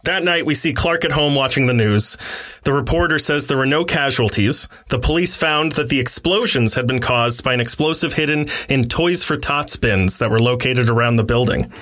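Brief: podcast host, male, bright and lively narration. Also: mid-range voice. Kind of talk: casual story retelling.

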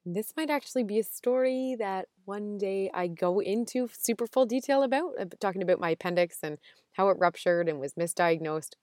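A woman's voice: medium pitch, animated, darkish tone, no echo. Chatty woman podcaster, close dry sound. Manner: chatty and emotional, quick asides and restarts. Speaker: podcast host. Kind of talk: casual solo podcast storytelling.

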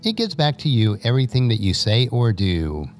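An older man voicing a calm, wise father who gently explains things to his young son in a story. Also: medium pitch, normal speed, faint music behind, close to an everyday voice. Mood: gentle teaching.

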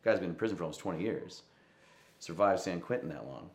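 A young man, a musician, telling a personal story in an interview, reflective and often quoting others in a soft voice. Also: low voice, animated, fast, reverberant. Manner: reflective, quotes voices with soft asides and laughs.

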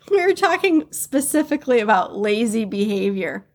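Blunt, animated woman podcast host. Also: fairly high pitch, unhurried. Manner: candid and blunt, acts out what others say, laughs often. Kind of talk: motivational solo podcast talk.

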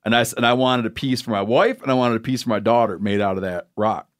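A man's voice: mid-range voice, steady tone, quick pace. A man hosting a podcast, telling a rambling, joking story in casual chat. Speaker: podcast host.

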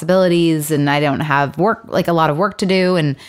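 A woman's voice: low-pitched, fast talker, smooth. Rambling woman host telling stories. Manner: rambling storyteller, many restarts and quoted asides. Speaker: podcast host. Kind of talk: casual chat.

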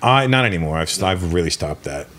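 Man, low voice, casual chat, blunt and profane, faint background hum. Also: animated, fairly quick, a bit bright.

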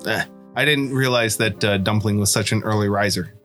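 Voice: medium pitch, a little fast, a bit bright, soft background music. A player in a casual tabletop game, rambling loosely with many fillers. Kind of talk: casual tabletop role-play banter.

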